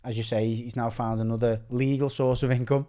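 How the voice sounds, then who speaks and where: A man's voice: medium pitch, little pitch movement, a little fast, mellow. A man, a podcast guest chatting about sport in a rambling, agreeable way. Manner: rambling, restarts phrases, agreeable. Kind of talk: casual sports chat.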